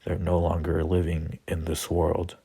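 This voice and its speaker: A man voicing a lonely ancient male dragon who speaks calmly and matter-of-factly. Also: low-pitched, a little slow, creaky, slightly rough, full character voice. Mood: solemn. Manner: calm, matter-of-fact.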